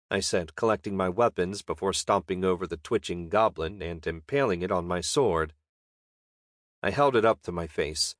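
A man narrating a fantasy audiobook with a wry, deadpan manner. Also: sits low, moderate pace, dry recording, clean studio sound.

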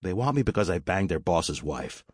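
A man's voice: sits low, big pitch swings, normal speed, slightly rough, no echo, clean studio sound, full character voice. A man voicing a reckless male smuggler who talks in a mocking, smirking way.

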